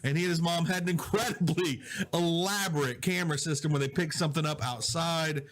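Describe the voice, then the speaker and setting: A man from Southwest Louisiana, hosting a casual live stream from his home office, chatting with viewers and reading their comments, on a quiet, low-volume mic. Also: fairly quick. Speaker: digital host. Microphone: low-volume mic with problems.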